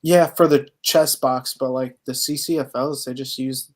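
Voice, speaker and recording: A man's voice: medium pitch, fairly even intonation, moderate pace. A man with a mid-range voice joins a casual chat as a guest. He talks in a hesitant, chatty way, often trailing into fillers.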